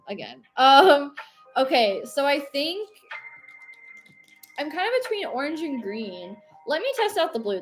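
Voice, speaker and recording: An American woman in her late twenties, chatting casually and giggling on a livestream while she paints and answers her chat. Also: a little high. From United States. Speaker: streamer.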